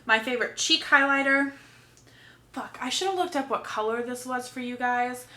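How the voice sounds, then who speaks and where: A young woman from Texas talks through her makeup in a loose, rambling way, dropping swear words. Her voice is bright and a little high. The room around her is echoey. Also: normal speed. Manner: chatty, swears freely, rambling asides. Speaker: beauty vlogger. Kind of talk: casual makeup chat to camera.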